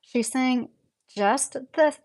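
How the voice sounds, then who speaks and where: A woman's voice: sits high, very slow, darkish tone. Blunt woman in her thirties, live-streaming. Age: 30s. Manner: opinionated, blunt, talks straight to commenters. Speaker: livestream host reading chat. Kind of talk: casual live-stream commentary.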